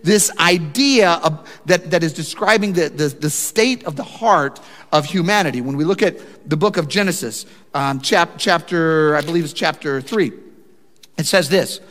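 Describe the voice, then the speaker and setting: A man preaching a sermon, telling stories with animated, building emphasis. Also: a little high, normal speed, big-room sound. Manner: animated storytelling with rising emphasis. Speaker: pastor.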